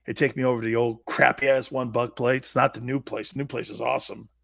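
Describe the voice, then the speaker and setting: A man's voice: mid-range voice, level tone, a little fast, creaky, a bit bright, no echo, clean studio sound. A man in his fifties, a sports talk host and former pro player, telling personal stories in a blunt, emphatic way with salty slang. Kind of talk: animated personal storytelling.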